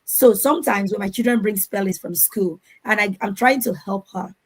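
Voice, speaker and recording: A woman's voice: mid-range voice, normal speed, slightly rough, poor audio. A woman speaking on an online panel over a video call, giving earnest advice and sometimes repeating words as she looks for the next one. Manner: earnest, advising, repeats words while finding them. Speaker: conference panelist.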